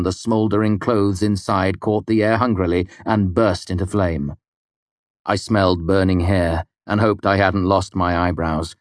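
Deep-voiced man narrating an audiobook. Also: no room sound, studio quality. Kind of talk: first-person audiobook narration.

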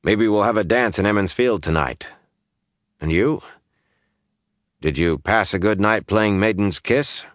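A man voicing an earnest, gently wry young man in an audiobook, with a quiet, earnest manner. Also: lowish voice, expressive, a little slow, pauses often, no echo, clean studio sound, pitched above the performer's own voice. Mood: calm.

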